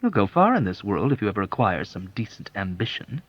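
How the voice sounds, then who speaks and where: A man's voice: lowish voice, big pitch swings, brisk, no room sound. A man voicing a sly, mocking army colonel. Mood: sardonic. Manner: smooth, mocking, ironically sweet. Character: sly sardonic middle-aged male colonel. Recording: dull, dry lo-fi audiobook.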